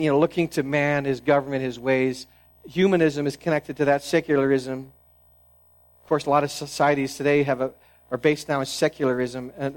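Male pastor, fairly high voice, earnest sermon delivery, falls quiet for emphasis. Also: poor audio. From New England, United States. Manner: earnest preaching with restarts and sudden drops to a hushed tone.

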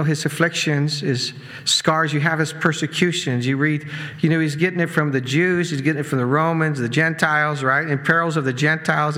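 A man preaching a sermon in a conversational way, with asides and quick laughs. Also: a little high, bright, forceful tone. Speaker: pastor. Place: church sanctuary.

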